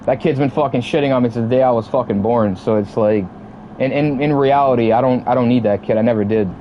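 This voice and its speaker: This twenties-aged streamer talks fast at a medium pitch, ranting to his chat with plenty of profanity and repetition. The recording sounds muffled and carries a little background noise.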